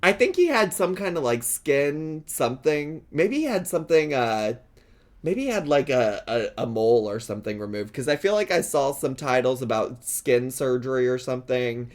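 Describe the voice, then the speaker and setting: A man's voice: mid-range voice, animated, normal speed. A man giving casual reaction commentary, giggly, sarcastic and rambling.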